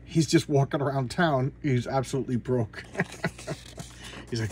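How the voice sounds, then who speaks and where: A man's voice: mid-range voice, unhurried, background noise. A man casually retelling a comic book story in a vlog, rambling with many fillers and restarts. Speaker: comic book collector vlogger.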